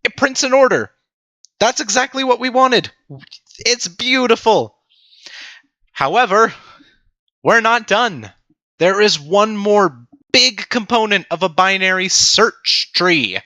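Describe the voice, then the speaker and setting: A young man teaching a programming tutorial on a livestream, animated and self-mocking as he talks to his chat. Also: high voice, slow pace, pauses often, no room sound. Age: young adult. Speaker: teaching assistant.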